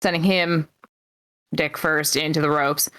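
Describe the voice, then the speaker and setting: Woman podcast cohost going through a wrestling show move by move, lots of ums, smooth clear voice. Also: sits low, steady tone, a bit bright. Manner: recaps match play-by-play with frequent "um" pauses. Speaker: podcast co-host. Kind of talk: casual wrestling recap.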